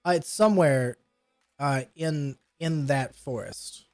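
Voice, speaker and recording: A man's voice: fairly high pitch, slow, dry recording, clean studio sound, soft background music. A man running a tabletop game, patiently explaining rules and narrating scenes with loose fillers. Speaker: game master.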